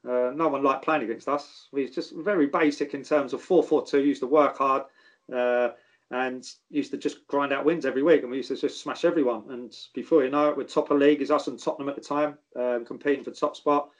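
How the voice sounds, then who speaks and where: A middle-aged man with a South London accent, a former footballer telling lively stories in casual chat, swearing and mimicking people as he goes. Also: mid-range voice, fairly quick.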